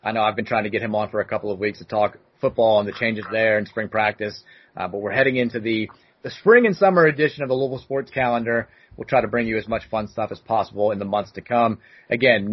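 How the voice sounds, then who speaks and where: A man's voice: lowish voice, husky, no room sound, dull audio. A man in his thirties hosting a podcast, telling rambling stories in a loose, casual way. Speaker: podcast host. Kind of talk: casual chat.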